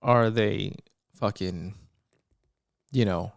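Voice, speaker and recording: A man co-hosting a podcast in relaxed, casual chat, with a gravelly, creaky edge to his voice. He teases his co-host and swears freely. The sound is dry and close, with no room echo. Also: lowish voice, extremely slow. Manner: laid-back, profane, teasing.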